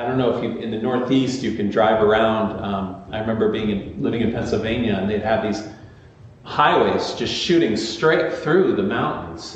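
A pastor delivers a sermon in a fairly low voice, speaking casually with fillers and false starts. The recording is distant, muffled, and echoey, made in a large church sanctuary, with a faint hiss or hum underneath.

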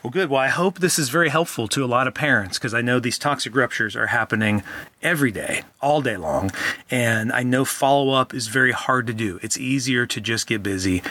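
Bright-voiced man co-hosting a parenting podcast. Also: mid-range voice, fairly quick, no echo. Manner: earnest, repeats words as he thinks aloud. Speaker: podcast co-host, counselor. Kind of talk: casual podcast chat.

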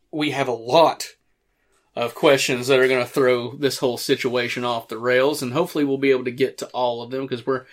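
Male podcast host, casual commentary, rambling delivery, mid-pitched voice, swears casually. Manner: rambling, frequent restarts and fillers, casual swearing. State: hiccups.

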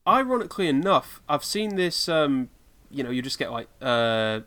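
A man's voice: medium pitch, big pitch swings, normal speed, bright, forceful tone. A man from the United Kingdom co-hosting a podcast in casual chat, rambling with lots of fillers and laughing often. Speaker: podcast co-host.

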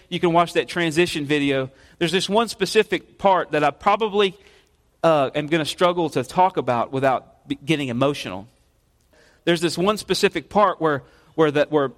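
A man, a pastor preaching a casual, halting sermon full of restarts in a church sanctuary. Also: a little high. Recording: long reverb of a church sanctuary.

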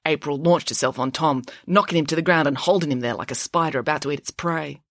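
A woman author narrating her children's adventure book aloud with an expressive storytelling manner. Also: low voice, quick pace, dry recording, clean studio sound. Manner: lively, expressive reading. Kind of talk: storybook narration with character voices.

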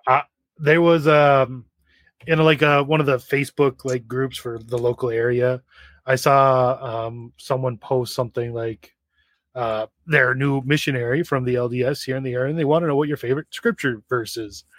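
A man with a mid-pitched voice co-hosting a casual podcast, delivering dry, deadpan jokes in a matter-of-fact way. The sound is dry and close, with no room echo. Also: moderate pace. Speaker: podcast co-host. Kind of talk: casual chat.

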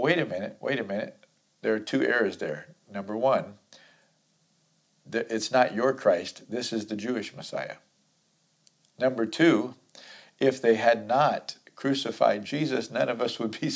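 Man teaching the Bible, low-pitched. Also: creaky. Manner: reads scripture aloud, then explains it conversationally with small laughs.

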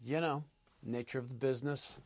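A man answering interview questions as an actor guest, halting and thoughtful with many pauses. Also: mid-range voice, fairly even intonation, dry recording.

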